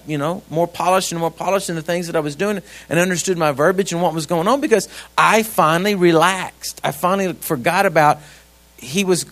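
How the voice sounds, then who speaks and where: A middle-aged man preaching a sermon in a folksy, conversational way, throwing rhetorical questions at his congregation. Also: sits high. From grew up on a ranch.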